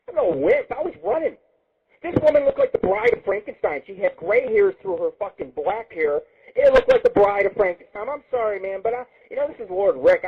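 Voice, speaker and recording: A man's voice: sits high, husky. A man hosting an internet radio show, ranting crudely and rambling with constant swearing. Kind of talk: profane comedic radio rant. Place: home radio studio. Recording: tinny phone-like lo-fi stream.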